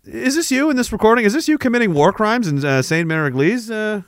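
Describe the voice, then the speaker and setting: A man's voice: sits high, expressive, fast, heavy background noise, pitched above the performer's own voice. A man doing an impression of a dogged male reporter who pesters soldiers with questions and stammers through restarts. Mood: mock earnest.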